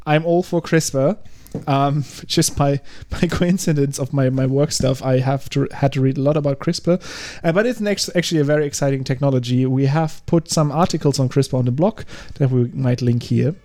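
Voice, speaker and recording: A man co-hosting a casual podcast, presenting a science paper with halting speech and frequent laughs. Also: mid-range voice, mellow. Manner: halting, laughs often, stumbles over words. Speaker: podcast co-host.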